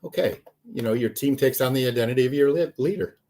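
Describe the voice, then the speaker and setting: A man's voice: medium pitch, fast talker, darkish tone. A man co-hosting a sports podcast, pushing back with pointed questions. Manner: probing, pushes back with questions. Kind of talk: sports talk.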